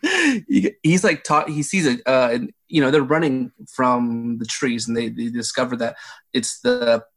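A man's voice: medium pitch, lively intonation, unhurried, a bit bright. A young man co-hosting a movie review podcast, laughing as he retells scenes in casual chat. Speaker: podcast co-host.

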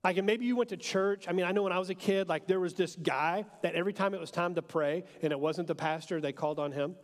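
A man in his thirties, a pastor preaching a sermon in a relaxed, joking way, full of fillers. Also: high-pitched, fast. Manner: casual and joking, with many fillers. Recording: long hall reverb.

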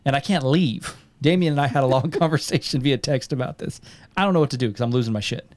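A man's voice: mid-range voice, fast, dry recording. Young male podcast host, laid-back chat, loose and profane, dry close sound. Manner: swears often, animated storytelling with quoted voices. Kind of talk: casual chat.

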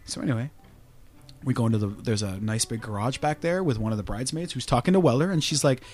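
A man spins a rambling, profane story on a podcast, his pitch leaping around with lots of life. Faint music sits in the background. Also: expressive, fast talker, a little mellow. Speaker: podcast host. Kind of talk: casual storytelling chat.

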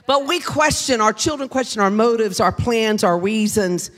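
A woman's voice: a little high, moderate pace, hardly any pauses. A middle-aged woman, a pastor's wife preaching to a congregation in a chatty, folksy, humorous storytelling style. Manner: animated, chatty, folksy, addresses the room with questions. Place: church sanctuary with a live congregation.

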